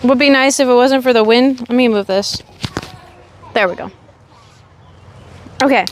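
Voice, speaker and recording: A young woman from Oregon chatting with her live chat while out in a windy park. She says she is sick and low on energy, but she keeps talking with a sassy edge. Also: measured pace. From Oregon, USA. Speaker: livestreamer. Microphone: phone on a selfie stick.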